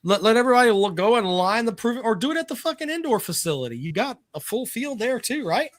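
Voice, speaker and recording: A man's voice: very high-pitched, big pitch swings, fast talker, dry recording. Blunt man, dry close sound. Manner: blunt, swears freely. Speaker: co-host. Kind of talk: casual sports chat.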